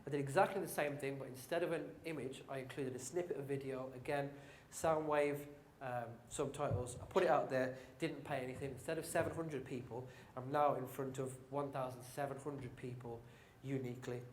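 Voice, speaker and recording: A man with a Brummie accent works the room, upbeat and joking as he talks to the crowd directly. His voice sits at a middle pitch. It carries with the roomy echo of a conference hall, with faint ambience underneath. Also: steady tone, brisk, slight background noise. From England. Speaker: conference speaker. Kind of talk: live marketing talk.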